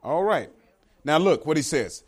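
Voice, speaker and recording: A man's voice: fairly high pitch, expressive, unhurried. A man preaching a sermon as pastor, talking to the congregation and acting out the voices of the characters in the story.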